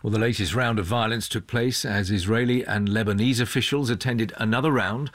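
Guy hosting a radio news show, lowish voice, formal and steady, studio sound, no room at all. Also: no echo. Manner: measured, formal broadcast delivery. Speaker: radio news programme host. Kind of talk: scripted radio presenting.

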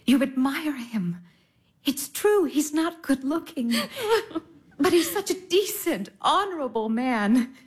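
An actress playing a gentle elder sister who consoles her sibling in a soothing, soft voice that at times drops to a whisper. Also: sits high, takes it slowly. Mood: gentle advice. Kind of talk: stage drama acting.

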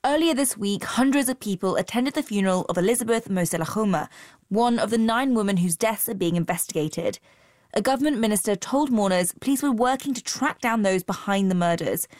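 A woman's voice: medium pitch, lively intonation, a little fast, darkish tone, no echo. Woman reading a news report, dry sound. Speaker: newsreader.

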